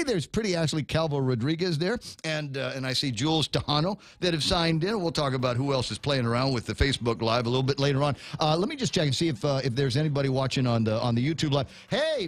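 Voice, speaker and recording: A man's voice: on the high side, big pitch swings, fast, hardly any pauses, no echo. A man hosting a morning radio show, chatting casually, laughing often and stammering over repeated words. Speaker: radio host.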